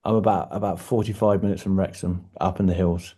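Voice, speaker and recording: A man's voice: sits low, steady tone, a little fast, warm tone. A man with an English accent chatting on a group video call in a storytelling way. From southern England. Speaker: call participant. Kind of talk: casual video call chat.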